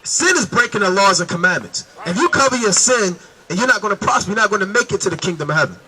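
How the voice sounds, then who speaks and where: A man's voice: high voice, expressive, fast, bright, forceful tone, low-quality recording. A man preaching on the street, emphatic and calling to his listeners as brother and man.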